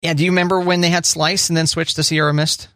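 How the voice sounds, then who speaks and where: A man's voice: on the high side, flat delivery, fast, fairly bright tone, no echo, studio quality. A man co-hosting a radio show, chatting casually and teasing his co-host with playful quiz-style questions. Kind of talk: casual banter.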